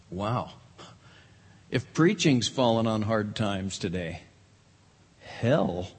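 Slow, husky-voiced preacher in a hall. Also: male voice, mid-range voice. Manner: emphatic, with dramatic quoted voices. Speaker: pastor. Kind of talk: sermon. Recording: long hall reverb.

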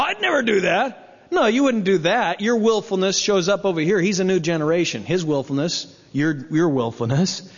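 A pastor preaching a sermon, emphatic, asking rhetorical questions and slowing down to dwell on scripture quotes. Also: male voice, fairly high pitch, breathy edge. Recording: reverberant, dull lo-fi sound.

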